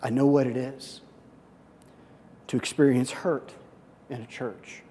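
A man preaching a sermon, telling a personal story and slipping into excited, quoted voices. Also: mid-range voice, slow, long reverb tail. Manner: storytelling with lively swings into excited quoted speech. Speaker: pastor.

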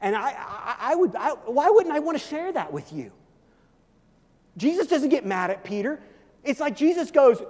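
A man with a high, light voice delivers a sermon in a big hall, and his words ring out with a long echo. He swings between loud, emphatic calls and hushed, intense stretches, often repeating words as he presses a point. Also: very animated, normal speed. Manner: repeats words and restarts when stressing a point. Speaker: pastor.

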